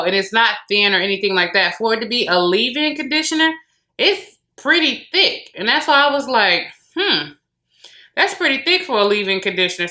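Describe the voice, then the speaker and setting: Woman, American accent, chatty beauty vlogger, talks right to viewers, bright tone. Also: mid-range voice. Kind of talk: casual haul review. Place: home room with closet behind.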